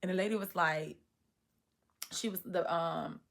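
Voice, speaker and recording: Low-ish voiced woman, 30s, vlog storytime, animated, plays out her own reactions in a higher voice. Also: measured pace, creaky. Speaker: vlogger. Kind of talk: storytime monologue.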